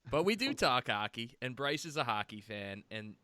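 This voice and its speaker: A man's voice: mid-range voice, very animated, moderate pace, sharp tone, slight background noise. A man hosting a casual podcast, chatty and reflective, with many fillers. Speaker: podcast host.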